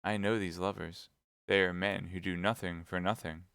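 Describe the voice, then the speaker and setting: A man's voice: sits low, fairly even intonation, moderate pace, creaky, fairly bright tone, smooth, no room sound, clean studio sound. A man reading aloud voicing a cold, seductive noble lady in a sly, coaxing, raised voice. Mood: scheming. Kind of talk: audiobook reading live.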